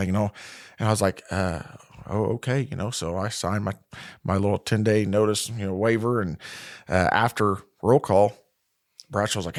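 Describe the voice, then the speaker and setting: A man with a low Midwestern voice tells a story as a podcast guest. He rambles easily and starts lines over as he goes. The sound is dry and close. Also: a little fast, no echo. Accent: Midwestern American. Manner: relaxed, rambling, many fillers and restarts. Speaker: podcast guest, corrections lieutenant. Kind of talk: casual storytelling interview.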